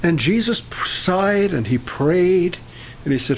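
Halting older preacher man, gravelly. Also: high voice, animated, slight background noise. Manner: halting, many filler pauses and restarts. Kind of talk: sermon.

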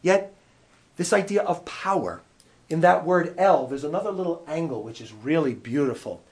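A man teaching a Bible class in church, conversational and animated, often asking his listeners questions. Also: on the high side, moderate pace. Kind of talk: teaching sermon.

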